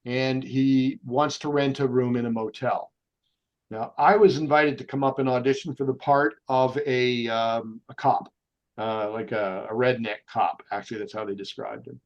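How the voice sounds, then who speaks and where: A man, a guest actor who tells animated anecdotes in an interview. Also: medium pitch, normal speed, highs cut off. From Canada. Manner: animated raconteur, slips into voices when he quotes people.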